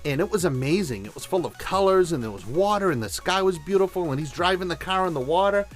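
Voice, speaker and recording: Soft background music accompanies this host, who talks fast in a high voice with lively intonation. He mixes storytelling and practical tips with conversational enthusiasm.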